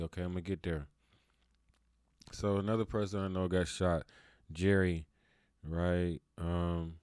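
A man's voice: deep voice, darkish tone, clean tone, no room sound, clean studio sound. A man hosting his own show and talking in a casual, rambling monologue full of "you know" fillers. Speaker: show host.

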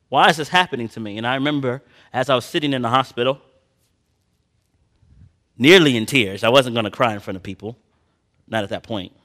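A man preaching a sermon, reading scripture slowly and swinging between loud emphatic passages and quiet personal asides. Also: medium pitch. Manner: slow drawn-out Bible reading.

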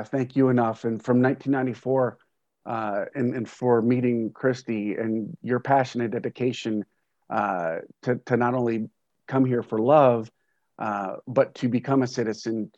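A man, a grandfather, hosting a casual interview, speaking earnestly and haltingly with many fillers and restarts. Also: medium pitch, a little mellow, no room sound. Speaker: podcast host. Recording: dull, dry lo-fi sound.

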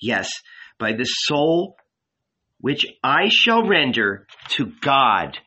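A man reading aloud and voicing a tender, fearful woman who pleads with rising pitch. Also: very animated, very slow, bright, forceful tone, breathy edge, lo-fi sound, heavily acted. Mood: urgent pleading.

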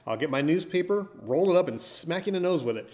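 A man's voice: on the high side, animated, quick pace, a little mellow. A man from the northern US with a stutter, a podcast co-host who tells jokey stories in casual chat. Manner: joking, storytelling.

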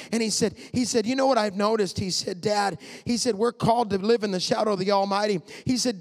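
A man, repeating phrases and building to shouts. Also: high-pitched, quick pace, few pauses. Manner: impassioned, repetitive, rising to shouts. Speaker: preacher. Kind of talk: sermon.

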